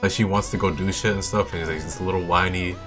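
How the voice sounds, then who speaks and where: A man's voice: sits low, fairly even intonation, fast talker. A young man hosting a video with enthusiastic casual commentary, swearing often and repeating himself as he talks. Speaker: video host. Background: faint game music.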